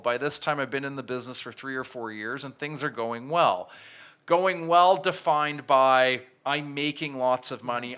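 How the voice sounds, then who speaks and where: Man in his thirties, podcast guest, candid storytelling, bright tone, crisp voice. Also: medium pitch. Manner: candid, self-reflective, with frequent restarts. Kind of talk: storytelling in an interview.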